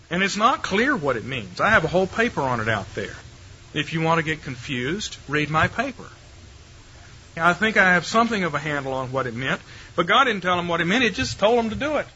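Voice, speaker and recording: A man's voice: high-pitched, pushed and bright, lo-fi sound, slight background noise. An older man giving a theology lecture to a live audience in a wry, conversational way, putting rhetorical questions to his listeners.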